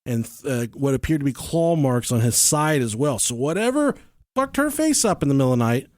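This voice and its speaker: A man in the middle of telling a story on a podcast, mid-range in pitch, swearing casually and breaking into laughs. The sound is dry and close, with no room around his voice. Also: sing-song, brisk, a little mellow, no room sound. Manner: profane, joking, laughs often while telling. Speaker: podcast host.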